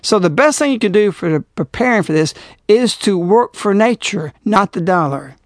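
A man's voice: high voice, lively intonation, moderate pace, no echo, clean studio sound. A middle-aged man hosting a religious radio talk show, speaking emphatically and repeating himself as he preaches.

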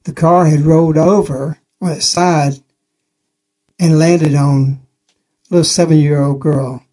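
A man's voice: fairly high pitch, fairly even intonation, a little slow, dark tone. A man giving an earnest spoken testimony on a religious radio program, telling the story plainly and repeating key phrases.

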